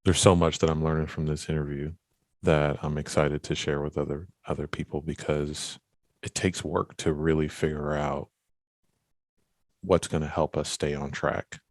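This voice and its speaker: A man's voice: a bass voice, little pitch movement, normal speed, no room sound. A man hosting a podcast interview, talking in a rambling, casual way with many restarts. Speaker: podcast host.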